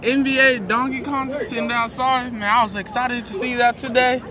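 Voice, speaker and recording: A man's voice: very high-pitched, little pitch movement, moderate pace. A man, an enthusiastic fan talking outdoors. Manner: hyped, enthusiastic. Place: outdoors outside an arena. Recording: loud crowd outdoors.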